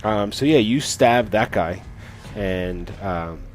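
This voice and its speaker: A man's voice: on the low side, lively intonation, takes it slowly, faint music behind. A man narrating as dungeon master in casual, hesitant talk full of fillers. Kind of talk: narrating a tabletop game.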